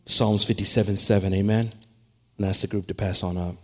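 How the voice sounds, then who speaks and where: A man preaching a sermon, dropping to quiet, conversational asides and then rising to loud, emphatic shouts, with laughter along the way. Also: on the low side, fairly quick. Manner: animated, with laughter and restarts. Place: church.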